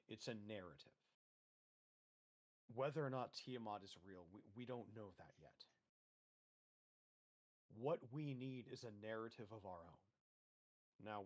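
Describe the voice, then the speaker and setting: A man playing a tabletop game, speaking in character with earnest, speech-like conviction. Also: medium pitch. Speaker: player. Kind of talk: in-character tabletop role-play.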